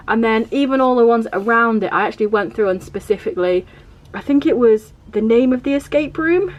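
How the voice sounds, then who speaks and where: A woman's voice: mid-range voice, a little hiss or hum. A woman vlogger chatting casually through her journal pages, rambling and peppering her talk with fillers. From England.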